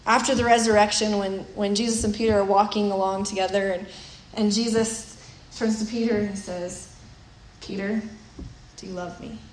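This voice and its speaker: A woman's voice: mid-range voice, flat delivery, normal speed. A woman preaching a sermon in a conversational way, often repeating words as she thinks aloud. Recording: roomy echo with faint noise.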